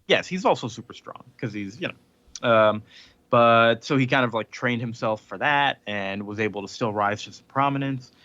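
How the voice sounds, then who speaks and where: A man's voice: medium pitch, moderate pace, pushed and bright, dry recording, dull audio. A man hosting a podcast in casual chat, recapping a comic in a rambling way with many fillers and chuckles. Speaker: podcast host.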